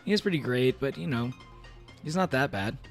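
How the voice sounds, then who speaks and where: At normal speed and medium pitch, an expressive man streams casually, reading aloud and reacting with playful, rambling jokes in character as a demon, full of fillers and restarts. Faint music plays behind him.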